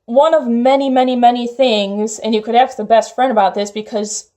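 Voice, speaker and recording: A woman's voice: on the high side, steady tone, normal speed, dark tone. A young woman vlogger telling a personal story in a chatty, casual way, full of "like" fillers. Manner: chatty, heavy use of "like" fillers.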